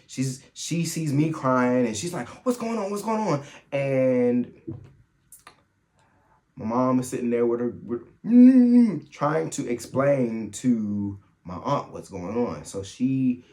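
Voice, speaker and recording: A man hosting a solo podcast, telling funny family stories in a casual, animated way and laughing as he goes. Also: fairly low pitch. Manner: animated, laughs through his stories, quick asides. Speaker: podcast host. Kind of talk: solo storytelling chat.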